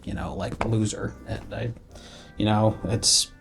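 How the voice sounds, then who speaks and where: A man's voice: fairly low pitch, fairly even intonation, unhurried, gravelly, fairly bright tone, faint music behind. A man playing an upset male office worker in therapy in an improvised comedy sketch, rambling and grumbling with lots of fillers. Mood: aggrieved.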